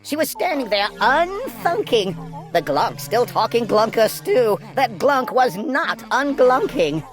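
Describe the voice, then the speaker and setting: An older woman, a retired teacher, reading a rhyming children's story aloud in an expressive, animated way. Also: fairly high pitch, takes it slowly, over music.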